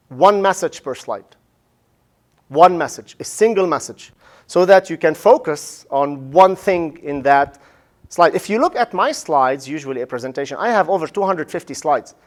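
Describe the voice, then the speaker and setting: A male professor giving a casual, animated lecture on public speaking. He often asks "right?" and acts out the listeners' reactions. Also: sits high. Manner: casual, says "man" and "right?".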